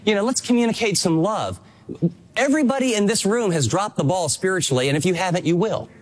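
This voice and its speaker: High-voiced earnest male preacher. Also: animated, quick pace. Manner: earnest, emphatic preaching with acted-out quotes. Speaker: pastor. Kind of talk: sermon.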